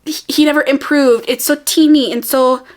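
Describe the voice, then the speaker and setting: A woman's voice: high-pitched, steady tone, normal speed. A young woman chatting casually about books on her vlog, bubbly and rambling, laughing often and poking fun at herself. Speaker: book vlogger. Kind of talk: casual chatty book review.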